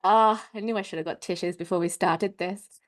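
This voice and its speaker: A woman's voice: fairly low pitch, fairly quick. A woman, a podcast guest, frankly telling her personal story in a chatty way full of "like" and the odd swear. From Wales. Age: adult mother. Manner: frank, expressive, peppered with "like" and mild swearing. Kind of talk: candid conversational storytelling.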